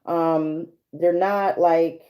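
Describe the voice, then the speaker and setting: A woman talks through a casual tarot livestream, rambling and laughing as she goes. Her voice sits on the low side and stays mellow, and she takes her time. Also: steady tone, drawn-out words, low-quality recording. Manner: laughs often, rambling with restarts and fillers. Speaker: tarot reader. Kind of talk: casual livestream card reading.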